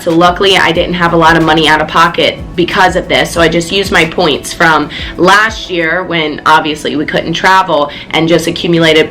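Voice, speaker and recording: A young woman telling a story in a casual vlog, animated and emphatic, swearing freely. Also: lowish voice, rough recording. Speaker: fitness vlogger.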